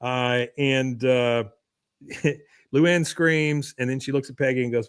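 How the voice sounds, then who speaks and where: A man's voice: mid-range voice, fairly even intonation, takes it slowly, clean tone, no echo. Casual man recapping on a dry close mic. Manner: rambling, filler-heavy storytelling. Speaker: podcast host. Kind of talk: casual episode recap on a livestream.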